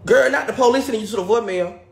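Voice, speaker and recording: A man ranting in a vlog, loud, exasperated and profane, and repeating himself over and over. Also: sits high, very fast, creaky. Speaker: vlogger. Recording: echoey room.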